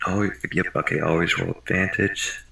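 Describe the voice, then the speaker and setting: A man playing a tabletop game, talking calmly and matter-of-factly. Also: low voice, normal speed, gravelly. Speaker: player. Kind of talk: casual tabletop play. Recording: echoey room, noisy.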